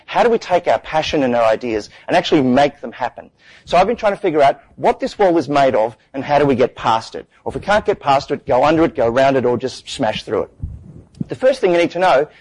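Animated man giving a stage talk. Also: on the high side, poor audio. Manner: animated, acts out quoted objections. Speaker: conference speaker. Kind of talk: lively public talk.

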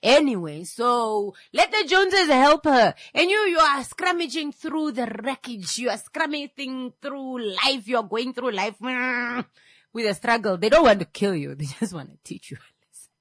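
A woman's voice: fairly high pitch, animated, normal speed, a bit bright, no room sound. A woman hosting a radio talk show, teasing and preachy, laughing often, speaking into a studio microphone. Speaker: radio host.

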